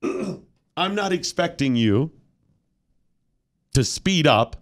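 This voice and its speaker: A man hosting a talk show, ranting with mock solemnity and breaking into loud indignant outbursts. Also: a little high, animated, extremely slow. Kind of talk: comic rant on a talk show.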